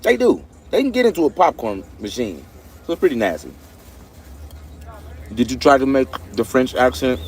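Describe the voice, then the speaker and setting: A man's voice: medium pitch, big pitch swings, moderate pace, long pauses, darkish tone, slight background noise. Chatty man streaming from his car. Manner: chatty, laughs often, answers viewer comments. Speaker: livestream host. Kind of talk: casual live chat with viewers. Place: parked car at a store pickup.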